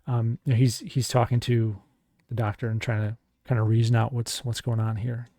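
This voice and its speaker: A man's voice: mid-range voice, level tone, normal speed, warm tone, no echo, clean studio sound. A man narrating a solo tabletop game as game master, casual and meandering with many restarts.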